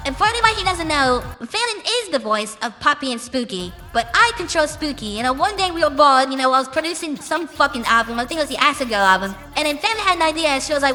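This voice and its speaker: Brash high bright-voiced woman musician. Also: expressive. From United Kingdom. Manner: brash and profane, drawn-out emphatic phrases. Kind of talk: casual interview answers. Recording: reverberant room with music behind.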